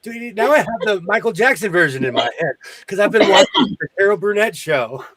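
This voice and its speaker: A man hosting a casual sewing chat, animated, breaking into song, who mentions a speech impediment. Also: high-pitched, brisk, crowd noise. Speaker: host.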